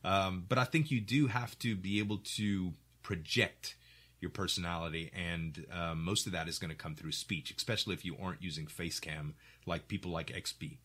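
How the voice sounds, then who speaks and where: A middle-aged man from Louisiana hosting a casual podcast chat, articulate and animated, acting out quoted lines. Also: low voice, normal speed, slightly rough. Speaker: podcast host.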